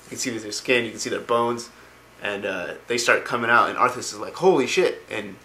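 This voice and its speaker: A man's voice: fairly low pitch, fairly even intonation, a little fast, bright, forceful tone. A man casually retelling video game lore, rambling with lots of ums and likes. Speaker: lore explainer.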